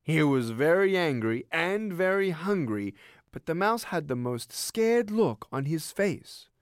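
Male radio devotional speaker, lively fable-teller, bright higher voice, light guitar behind. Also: a little slow, no room sound, studio quality. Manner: lively, expressive storyteller. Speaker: ministry speaker.

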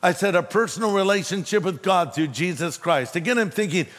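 A man's voice: sits high, fairly quick, a bit bright. A man preaching a sermon as pastor, emphatic and telling a humorous story to make his points. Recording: long hall reverb.

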